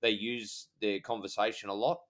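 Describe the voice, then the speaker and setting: A man's voice: on the low side, little pitch movement, normal speed, a bit bright. An Australian man co-hosting a podcast, a police officer chatting hesitantly with many ums. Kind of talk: casual chat.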